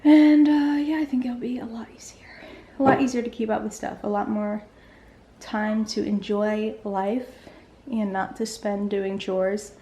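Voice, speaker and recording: Brief: young mother vlogger, mid-pitch, chatty and relaxed, filler-heavy, slight hiss in the room. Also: measured pace, roomy sound. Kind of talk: casual home tour vlog. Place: home playroom.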